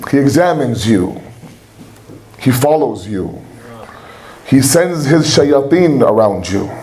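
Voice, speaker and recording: A man's voice: medium pitch, a little mellow. A man giving a religious lecture in a conversational way, with rhetorical questions and humor. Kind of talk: sermon-style lecture.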